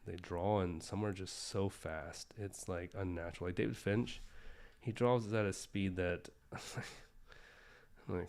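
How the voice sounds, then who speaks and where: A man's voice: low voice, fairly even intonation, takes it slowly, gravelly, darkish tone. A man livestreaming while he sketches, rambling casually with lots of fillers and self-deprecating asides.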